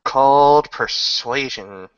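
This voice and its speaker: A man playing a tabletop game, describing his character's actions in a casual, halting way with lots of fillers. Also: mid-range voice, smooth, dry recording, dull audio. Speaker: tabletop player.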